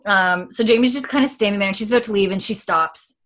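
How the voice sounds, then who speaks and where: A woman hosting a casual chat, animatedly retelling TV scenes and quoting the characters. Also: fast. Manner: animated storyteller, quoting characters in a lowered voice, laughs often. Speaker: podcast host recapping a TV episode.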